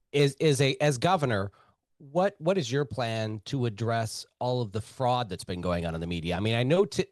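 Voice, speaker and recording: A male radio host with a mid-pitched voice and a dry, close sound. He asks long questions that stall and restart before he lands them. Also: no echo. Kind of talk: radio interview.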